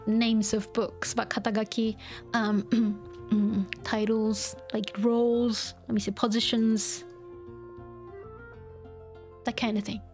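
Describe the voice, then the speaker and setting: A woman's voice: a little high, level tone, takes it slowly, pauses often, a little mellow, soft background music. A woman teaching a language while streaming a video game, thinking aloud and explaining step by step with lots of fillers. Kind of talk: live-streamed gaming lesson.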